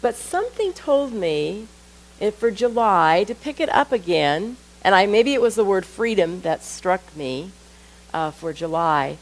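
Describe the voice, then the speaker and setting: Lively, slow-speaking woman minister. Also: medium pitch, rough recording. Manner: lively storytelling, acting out her own thoughts with rising voice; reads quoted passages slowly and deliberately. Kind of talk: sermon.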